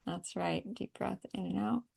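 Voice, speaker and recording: A woman leading a guided energy-healing call, calmly repeating affirmations and breathing cues. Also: medium pitch, normal speed, gravelly, breathy edge. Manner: calm, repetitive guiding with breathing cues. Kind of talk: guided tapping and affirmation session.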